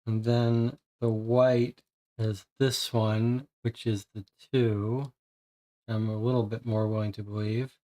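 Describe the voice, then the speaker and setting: A man's voice: fairly low pitch, level tone, slow, warm tone. A man streaming a puzzle game, thinking aloud and muttering in frustration as he works through it.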